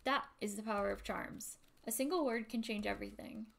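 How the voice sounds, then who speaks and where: A woman's voice: mid-range voice, brisk, creaky, lightly acted. A woman voicing a theatrical game narrator who speaks to the reader. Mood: dramatic. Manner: dramatic, addressing the reader. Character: theatrical storyteller narrator, grand. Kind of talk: reading game narration aloud.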